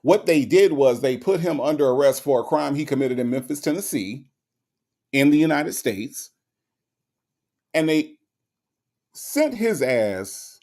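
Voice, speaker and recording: A man's voice: mid-range voice, expressive, takes it slowly, long pauses, a little mellow. A man hosting a live stream, talking to his chat in an emphatic, sarcastic, repetitive rant. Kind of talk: casual commentary to chat.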